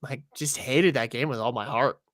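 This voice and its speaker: A young man hosts a podcast in casual chat, rambling and poking fun at himself. His mid-range voice is a bit bright at a normal speed, recorded in studio quality with no echo.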